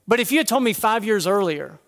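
Pastor, male, high-pitched, chatty and self-mocking, then low and earnest. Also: expressive, fairly quick, big-room sound. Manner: conversational, self-deprecating humor, drops to a quiet earnest tone. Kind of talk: sermon. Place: church sanctuary.

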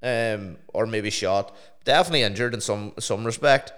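Low, smooth-voiced man. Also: moderate pace, fairly bright tone. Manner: swears freely, storytelling in a low mumble. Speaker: podcast co-host, DJ. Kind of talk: casual podcast chat.

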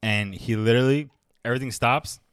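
A man's voice: medium pitch, a little fast, smooth, no echo, studio quality. A man in his twenties, a podcast co-host, telling stories in casual chat, laughing and swearing freely.

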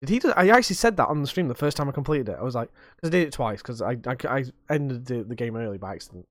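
A young podcast host talks in a loose, rambling way, swearing often and poking fun at themself. The voice sits in a middle pitch and is recorded close and dry, with no room sound around it. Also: animated, quick pace, dry recording. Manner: sweary, rambling, self-mocking. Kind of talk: casual podcast chat.

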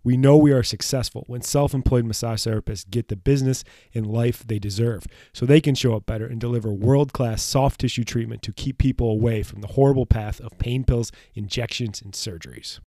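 A man's voice: mid-range voice, fairly even intonation, brisk, hardly any pauses, mellow, no room sound, clean studio sound. A man hosting a solo podcast, talking bluntly and emphatically in a motivational way, with casual swearing. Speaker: podcast host.

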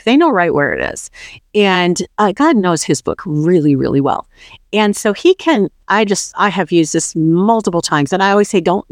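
A middle-aged woman guest telling a personal faith story in an animated way, acting out the quoted voices. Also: on the low side, no echo, studio quality. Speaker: podcast guest.

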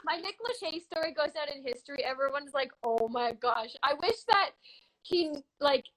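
This is a woman from Canada, around her thirties, telling a story in a loose, chatty way. Her voice sits high and sounds bright and forward. She gets animated, laughs easily, and bursts into shouts when she acts out the scene. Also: moderate pace, poor audio. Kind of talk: casual storytelling.

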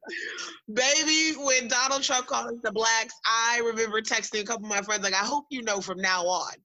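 Bright-voiced woman podcast co-host, emphatic and slow on key words, slightly high pitch. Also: poor audio. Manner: emphatic, drawn-out stresses, says "baby". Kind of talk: casual chat.

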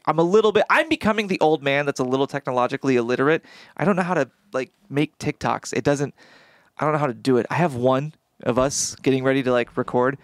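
A man co-hosting a podcast, talking in an animated way, blurting out pop culture references and swearing casually. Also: medium pitch, no echo, clean studio sound. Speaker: podcast co-host and actor. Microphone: studio podcast microphone.

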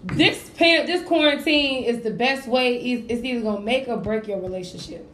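A woman's voice: a little high, normal speed, fairly bright tone. A woman, co-hosting a casual podcast, teasing bluntly and cursing. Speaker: podcast co-host. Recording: echoey room with faint noise.

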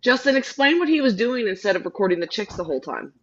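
A woman chatting casually on a horror podcast, giggly and animated. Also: mid-range voice, fast talker. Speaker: podcast co-host. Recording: dull lo-fi mic.

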